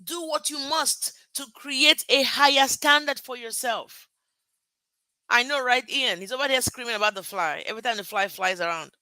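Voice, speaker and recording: Nigerian lady hyping folks up on a live, super bright voice, dry no-room sound, repeats stuff, laughs at herself. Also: a little high, moderate pace, dry recording, rough recording. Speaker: motivational host. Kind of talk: motivational live talk.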